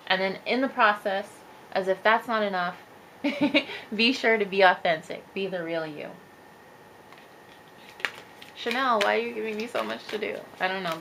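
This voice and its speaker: A woman's voice: medium pitch, a bit bright, slight background noise, rough recording. A woman giving a chatty, upbeat tarot reading, talking straight to her viewers as a spiritual coach. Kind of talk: casual tarot reading monologue.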